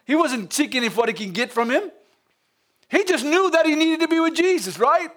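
High-voiced Louisiana preacher. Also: male voice, normal speed. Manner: lively preaching with frequent laughs and call-outs to the congregation. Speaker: pastor. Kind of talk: sermon.

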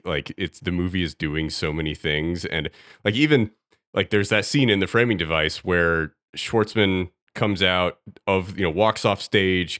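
A man with a very low voice, musing through a casual film discussion. He thinks aloud, pausing and restarting his sentences in a measured way. The recording is close and dry. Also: fairly bright tone, dry recording. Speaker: film podcast panelist.

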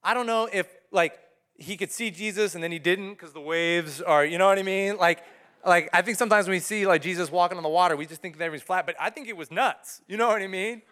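A man's voice: high-pitched, fast talker, fairly bright tone. A man preaching a conversational sermon to a church congregation, telling the story casually and acting out the people in it. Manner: casual storytelling, acts out voices of the people he describes. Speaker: pastor. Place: church service before a congregation. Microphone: body-worn microphone.

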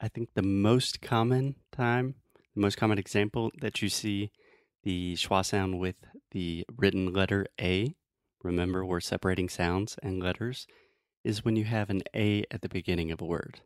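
A man with a fairly low voice teaches English pronunciation in a relaxed, joking way. He slows down to give example after example. The sound is dry and close. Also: no echo. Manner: playful, explains slowly with examples. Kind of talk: casual pronunciation lesson.

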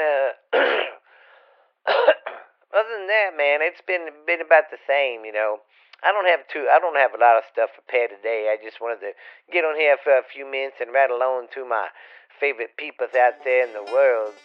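A man's voice: medium pitch, lively intonation, moderate pace, long pauses, clean tone. A man, a regular podcast guest, rambling in folksy, profane casual chat. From Louisiana, US. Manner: rambling, profane, folksy, calls listeners babies. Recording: dull lo-fi recording.

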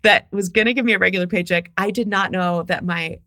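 A bright, lively woman from Ohio in her thirties talks as an interview guest, playful and quick to laugh. Her voice is clear and forward, recorded close and dry with no room sound. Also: on the low side, no echo. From Ohio, USA. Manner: animated and playful, laughing often. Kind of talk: casual interview chat.

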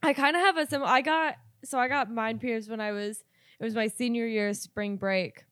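A woman's voice: a little high, fairly even intonation, fairly bright tone, dry recording, clean studio sound. Teasing young woman with a raised voice. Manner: teasing interjections, quick to laugh. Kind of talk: casual chat.

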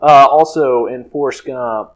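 Man, podcast co-host, average pitch, playful, mock-dramatic, casual. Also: measured pace, low-quality recording. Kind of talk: casual chat.

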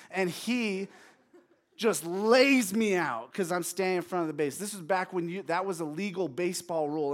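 A young man preaching a sermon through a funny personal story, acting out his childhood yelling and crying. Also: sits high. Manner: animated, acts out his own yelling and crying for laughs.

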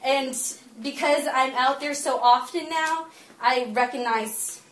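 This is a woman preaching to a small gathering, weaving personal stories into her sermon in a fairly high voice. Her storytelling is chatty and full of laughter, while her earnest teaching comes slower and gentler, and the room adds echo and faint ambience.

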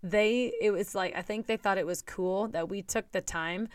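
A woman's voice: medium pitch, normal speed, dry recording, studio quality. A woman coach giving a chatty, earnest motivational talk straight to her viewers.

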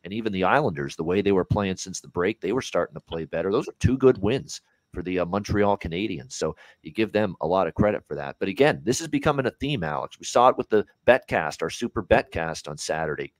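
A man's voice: sits low, animated, fast talker, no room sound. A man co-hosting a sports betting podcast, ranting in heated, casual talk and swearing freely.

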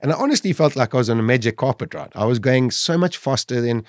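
A man's voice: medium pitch, lively intonation, quick pace, no echo, clean studio sound. Man telling a survival story. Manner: vivid retelling, acting out his own inner voice. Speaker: podcast guest. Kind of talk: dramatic personal storytelling.

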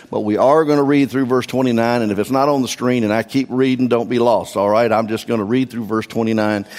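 A man's voice: medium pitch, a little mellow. Older male pastor preaching in a reverberant church. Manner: earnest, emotional, leads congregation in scripture reading. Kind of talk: sermon. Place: church sanctuary. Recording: long hall reverb.

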